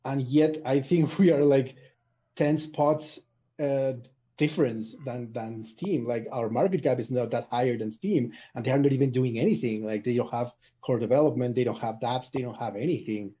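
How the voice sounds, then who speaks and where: A man's voice: mid-range voice, moderate pace. Emphatic man on a muffled call. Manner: animated, emphatic, arguing a point. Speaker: community panelist. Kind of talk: casual spaces discussion.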